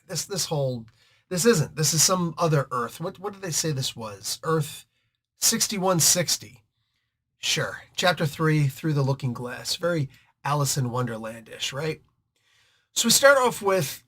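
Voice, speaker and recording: A man hosting a casual comic book review, chatty and excitable, rambling between thoughts. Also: mid-range voice.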